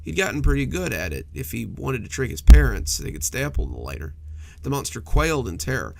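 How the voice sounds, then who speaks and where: A man narrating a cozy horror story in a measured, softly dramatic way. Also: medium pitch, sing-song, vocal fry, background noise.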